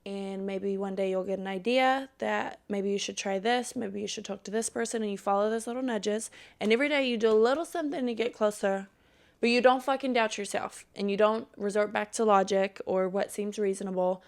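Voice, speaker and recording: A woman's voice: medium pitch, fairly even intonation, brisk, gravelly. A young woman hosting a solo podcast, chatting casually and profanely, then giving a fired-up pep talk. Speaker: podcast host.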